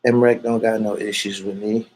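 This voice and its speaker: Answering an interviewer, a man talks in loose, casual street style, bragging, swearing freely and drifting from one point to the next. His voice is fairly low and a little mellow, with little pitch movement and a normal speed, over slight background noise.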